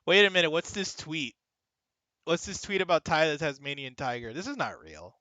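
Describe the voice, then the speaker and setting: A young man streaming a video game, chatting casually with his viewers, excitable and swearing often. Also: fairly high pitch, moderate pace, no echo. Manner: excitable, swears a lot, talks to chat. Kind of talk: casual gaming stream chat.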